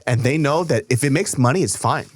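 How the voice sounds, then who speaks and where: A man's voice: mid-range voice, a little fast, dry recording, clean studio sound. A middle-aged man co-hosting a casual podcast, telling stories with lots of swearing and acting out other people's lines. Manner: animated storyteller, swears freely, acts out other people's lines. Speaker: podcast co-host.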